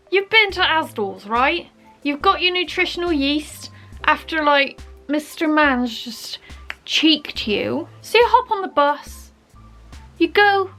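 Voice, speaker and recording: A woman's voice: high-pitched, pushed and bright. A young woman from Bristol with a Bristolian accent, chatting playfully in a comedic vlog. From Bristol, England. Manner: playful, chatty, acts out little scenes. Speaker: vlogger.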